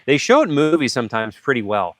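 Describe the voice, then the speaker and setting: A man hosting a livestream, telling a story casually and acting out sound effects and shouted lines. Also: medium pitch, sing-song, fast, no echo. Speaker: livestream host.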